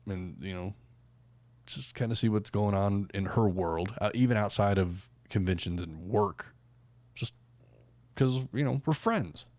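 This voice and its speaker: A man's voice: lowish voice, unhurried, darkish tone, no echo. A man hosting a podcast in casual chat, rambling with lots of fillers and restarts. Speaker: podcast host.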